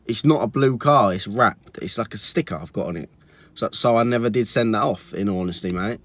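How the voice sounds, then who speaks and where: A man's voice: lowish voice, brisk. A young man, chatty and exasperated, telling a storytime vlog full of likes and restarts. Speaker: car vlogger.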